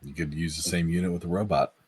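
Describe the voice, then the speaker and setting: A man's voice: low voice, steady tone, darkish tone, breathy edge. A man co-hosting a sports podcast in casual chat, jokey and easygoing. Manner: jokey, easygoing, quick to agree. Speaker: podcast co-host.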